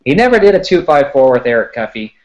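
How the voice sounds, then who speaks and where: A man's voice: medium pitch, very animated, quick pace, darkish tone. Man talking recruiting, slightly muffled. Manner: conversational, repeats words while thinking. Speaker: sports recruiting reporter. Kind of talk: casual podcast chat.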